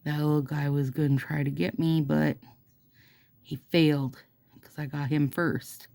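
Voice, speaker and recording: Low, gravelly-voiced woman with a Minnesota accent. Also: level tone, a little slow, warm tone. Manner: chatty, rambling, self-deprecating asides to viewers. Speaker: nail product vlogger. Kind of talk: casual chat while doing her nails, reading astrology text aloud.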